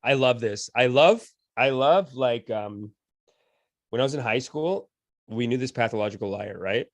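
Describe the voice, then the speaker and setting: A man's voice: medium pitch, lively intonation, normal speed, dry recording. A man hosting a satirical reaction show, joking and laughing often in a mock-reverent way. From Canada. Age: adult, not yet sixty. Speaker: comedic reaction host.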